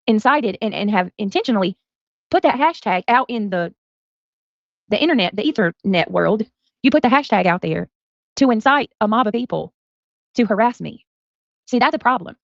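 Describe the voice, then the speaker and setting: A woman's voice: fairly high pitch, creaky, dry recording. A woman streamer ranting angrily at a rival, confrontational, sarcastic and profane. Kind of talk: angry livestream rant. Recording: dull lo-fi stream audio.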